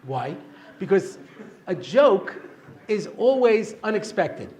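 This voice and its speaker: A man's voice: high voice, very animated, takes it slowly, darkish tone. A middle-aged man, a rabbi giving a humorous lecture, telling jokes and chuckling at them before a live audience. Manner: joking storyteller, chuckles at his own jokes.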